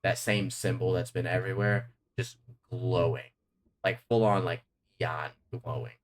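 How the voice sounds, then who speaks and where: A man's voice: low voice, fairly even intonation, unhurried. A man narrating a tabletop game as game master, rambling with many fillers.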